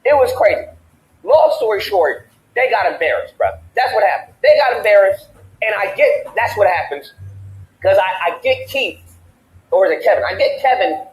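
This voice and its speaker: A man's voice: sits high, big pitch swings, moderate pace, reverberant, poor audio. A man hosting a casual talk show, telling a heated story and acting out both sides of the argument. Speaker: podcast host. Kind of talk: animated storytelling rant.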